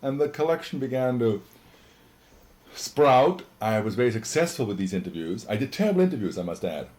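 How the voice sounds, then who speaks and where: A man's voice: medium pitch, big pitch swings, fairly quick, a little mellow. A middle-aged man reminiscing in a casual interview, an exuberant, rambling storyteller.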